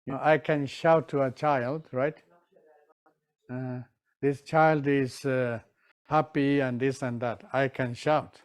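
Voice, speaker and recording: A man's voice: mid-range voice, fairly even intonation, slow pace, clear, resonant tone. A man teaching Tibetan medicine in a live session, in non-standard English, who keeps checking in with his listeners and acts out his examples.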